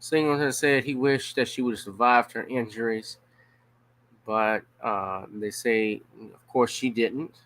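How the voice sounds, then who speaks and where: A man's voice: mid-range voice, steady tone, a bit bright. Blunt profane man from Louisiana. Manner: blunt, profane, drawn-out emphasis. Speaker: news commentator. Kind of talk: casual news reaction commentary.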